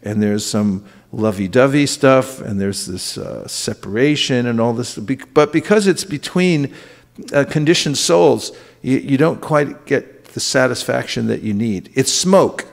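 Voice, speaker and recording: Halting male lecturer in a reverberant hall. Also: medium pitch, gravelly. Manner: relaxed, halting delivery with many fillers, quotes Sanskrit verses. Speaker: guest speaker at a temple class. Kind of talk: scripture class lecture. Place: temple hall.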